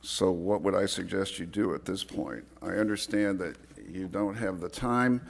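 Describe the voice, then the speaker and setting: A man, an advisory committee chair, giving public comment at a county board meeting, reading earnestly and fast with small stumbles. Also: low-pitched, vocal fry.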